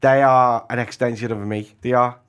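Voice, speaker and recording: A young man with a Liverpool accent, a comedian guest chatting casually, animated and laughing often as he jokes. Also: mid-range voice, normal speed, clean tone. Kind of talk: casual chat.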